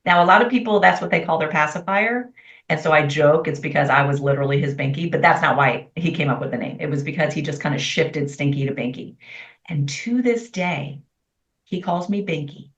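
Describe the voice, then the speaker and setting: A middle-aged woman telling stories in a candid interview, chatty and expressive. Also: sits low, fairly quick. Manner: chatty, expressive, quotes herself in lively voices. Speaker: guest. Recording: far from mic in an echoey room, dull sound.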